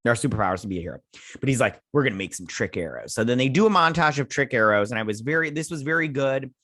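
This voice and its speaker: A man hosting a casual TV review, rambling through a recap with lots of fillers and flat quoted lines. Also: medium pitch, rapid-fire, dry recording, studio quality. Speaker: show host reviewing a TV episode.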